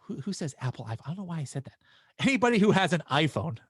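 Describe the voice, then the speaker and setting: A man's voice: fairly high pitch, very animated, rapid-fire, husky, no echo, studio quality. A man hosting a live webinar, answering viewer questions in a casual, chatty way. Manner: casual and chatty, with frequent restarts and fillers.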